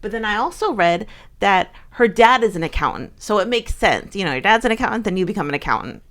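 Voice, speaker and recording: A woman's voice: mid-range voice, animated, fast talker, fairly bright tone. Chatty young woman rambling with fillers. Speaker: co-host of a fan channel. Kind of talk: casual chat.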